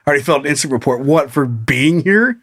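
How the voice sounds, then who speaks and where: A man with a slightly high voice tells a story on a podcast in loose, casual chat. He is animated, laughs often and slips into the voices of the people he quotes. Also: quick pace. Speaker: podcast co-host.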